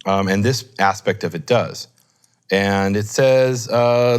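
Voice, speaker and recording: A man with a fairly low voice walks through grammar rules in an unscripted teaching chat. He thinks aloud, pauses on fillers and corrects himself mid-sentence. His delivery is explanatory and patient. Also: smooth. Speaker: Hebrew scholar teaching. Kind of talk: informal teaching discussion.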